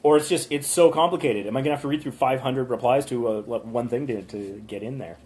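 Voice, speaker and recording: A man's voice: medium pitch, fairly quick, darkish tone. A man hosting a live stream from a motel room on his phone, chatting loosely through viewers' channel reviews with lots of ums and the odd rant. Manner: chatty, rambling, with frequent ums and small rants. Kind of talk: casual live-stream commentary.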